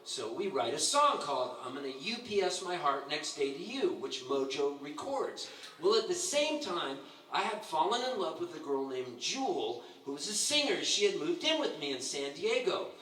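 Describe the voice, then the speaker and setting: Animated man in his sixties telling stories in an echoey bar. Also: fairly high pitch, normal speed. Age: 60s. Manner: animated, laughing storyteller who acts out quotes. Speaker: roast speaker. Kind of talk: storytelling tribute at a live roast. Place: bar with a live audience. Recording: echoey room, distant mic, background noise.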